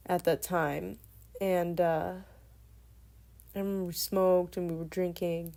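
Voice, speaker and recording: A woman in her twenties telling a personal story casually, in a meandering, soft-spoken way. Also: on the low side.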